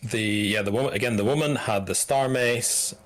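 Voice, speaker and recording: A man narrating as game master of a tabletop game, halting and restarting as he describes the scene. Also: mid-range voice.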